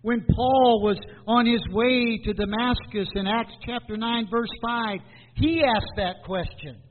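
A high-pitched male pastor preaching in a church, pausing for effect and asking the same question over and over. His voice comes through tinny and thin, with a long echo of the hall behind it and a faint hiss. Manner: preaching with dramatic pauses and repeated questions. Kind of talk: sermon. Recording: tinny phone-like sound in a hall.

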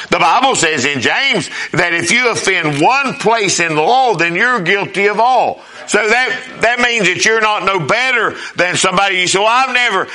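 A man's voice: sits high, bright, forceful tone. A man preaching a sermon as pastor, emphatic, rising and dropping with repeated phrases.

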